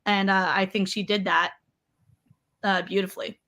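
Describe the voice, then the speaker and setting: A woman guest on a live discussion show, giving thoughtful, measured analysis in casual chat. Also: medium pitch, level tone, sharp tone. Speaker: guest panelist.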